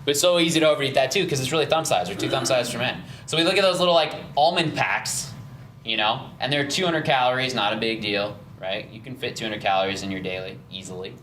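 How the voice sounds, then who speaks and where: A man's voice: mid-range voice, fast, fairly bright tone, a little hiss or hum. Encouraging male fitness coach giving a casual nutrition seminar in a roomy studio, voice in the middle range. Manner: upbeat, encouraging, many "right?" and "okay?" checks.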